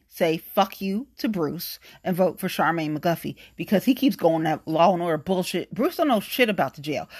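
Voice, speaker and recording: Late-30s woman, african american english accent, blunt profane political rant, middle-pitched voice.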